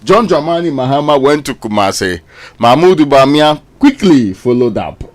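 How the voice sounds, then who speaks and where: A man's voice: medium pitch, very animated, normal speed. Male radio host, Ghanaian English accent, mid-range voice, conversational newspaper review. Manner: conversational, reads headlines and comments. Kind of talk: news review and political talk.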